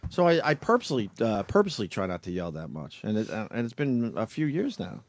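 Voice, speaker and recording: A man hosting a radio talk show, speaking frankly and with lots of swearing, sometimes low and quiet and sometimes loud. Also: sing-song, fast talker.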